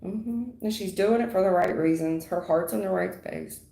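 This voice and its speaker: A woman doing a live tarot reading, hammering points home with blunt slang and repetition. Her voice sits in an ordinary middle pitch and rings in a roomy, echoey space. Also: moderate pace, creaky, mellow. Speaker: tarot reader. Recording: roomy echo.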